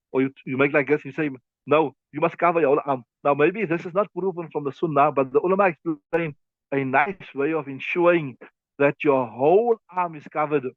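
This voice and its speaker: A teacher of Islamic law with a fairly high voice teaches a class on a classical text that is also streamed online. He repeats himself and guides listeners through hand movements as he demonstrates, and the dry recording has a tinny, phone-like sound.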